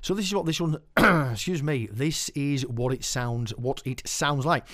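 A man hosting a podcast, reading his poetry aloud with unhurried, halting asides between poems. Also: mid-range voice, fairly bright tone, no room sound, studio quality. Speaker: poet and podcast host.

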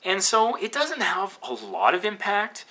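A man's voice: high-pitched, huge pitch swings, a little slow, sharp tone. A Canadian man with a Canadian accent hosting a podcast, talking in a rambling, casual way with lots of fillers and restarts. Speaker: podcast host.

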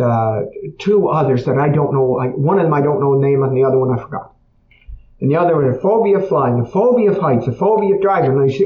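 A man with a fairly high voice tells a story to a crowd in a conversational way. He keeps repeating key points and checking in with the audience. The sound is roomy and echoey, with a dull, muffled tone. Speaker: speaker on emotional healing.

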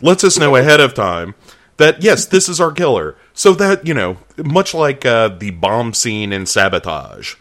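A man co-hosting a podcast, chatting casually and jokingly about a film, laughing and putting on quick voices for the characters. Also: medium pitch. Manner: animated, laughing, jokey asides and quoted voices. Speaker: podcast co-host. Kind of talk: casual movie review chat.

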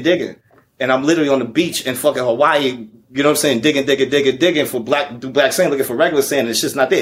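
A man telling a long personal story in casual, profane podcast chat. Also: mid-range voice. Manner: profane, animated storyteller, repeats "you know what I'm saying". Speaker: podcast guest.

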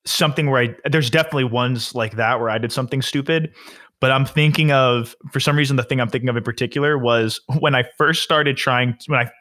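Bright-voiced young man, swearing, casual chat. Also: mid-range voice, brisk. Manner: profane, animated storyteller. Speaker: podcast co-host.

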